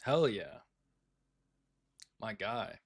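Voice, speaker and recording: Brief: low, gravelly man, laid-back day trader talking through his trades, swears freely. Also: sing-song, extremely slow, no echo, clean studio sound. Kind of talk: casual live trading commentary.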